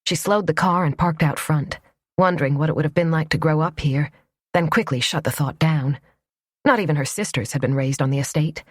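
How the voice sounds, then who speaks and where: A woman narrating a romance audiobook in a soft, even storytelling voice. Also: low-pitched, brisk, no echo, clean studio sound.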